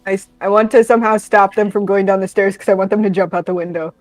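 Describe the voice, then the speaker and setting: A woman's voice: medium pitch, fairly even intonation, fast talker, dry recording, soft background music. A woman playing a tabletop game, chatting playfully and giggling. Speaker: player. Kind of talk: casual tabletop chat.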